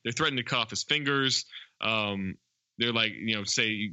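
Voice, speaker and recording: Male podcast co-host, bright and dry, rambling casual movie recap. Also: mid-range voice, normal speed, no room sound. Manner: rambling plot recap with fillers.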